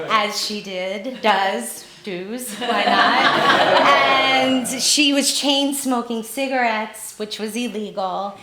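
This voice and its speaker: A woman telling a personal story live, animated and laughing through the telling. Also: medium pitch. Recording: roomy echo.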